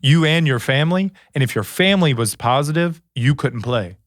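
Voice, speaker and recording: Man, thirties, casual storyteller, mid-pitched voice, dry close sound. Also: moderate pace, no room sound. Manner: animated, quotes others in lively asides. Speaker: guest, former pro football player.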